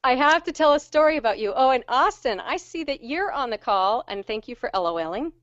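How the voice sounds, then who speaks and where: A woman vocal coach teaching singers on a video call, talking in a chatty, animated way and poking fun at herself. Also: high-pitched, brisk, dry recording, dull audio. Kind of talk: online webinar teaching. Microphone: handheld microphone on a stand.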